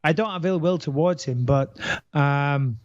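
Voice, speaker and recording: A man from the north of England talks through a casual podcast, rambling and restarting his sentences. His voice sits fairly high. The mic sounds dry and a little dull. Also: measured pace, darkish tone, dry recording. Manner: rambling, frequent restarts and fillers. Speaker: podcast co-host, retired fighter.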